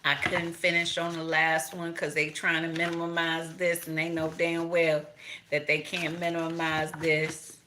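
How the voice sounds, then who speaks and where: A woman's voice: deep voice, completely flat delivery, a little slow, sharp tone, slight background noise. A middle-aged woman from Chicago doing a casual tarot reading, talking straight to viewers, swearing freely and laughing. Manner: profane, laughing, talks to viewers directly. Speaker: tarot reader.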